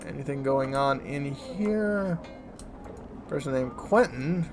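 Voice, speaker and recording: A man's voice: mid-range voice, slow, music in the background. Man reading a game aloud, offhand. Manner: relaxed, offhand asides. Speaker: let's play host.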